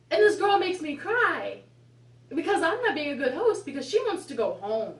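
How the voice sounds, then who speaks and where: A woman's voice: high voice, big pitch swings, normal speed. A woman in her twenties telling a rambling, casual story about her past, with exasperated asides. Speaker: vlogger. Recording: echoey room, mic at a distance.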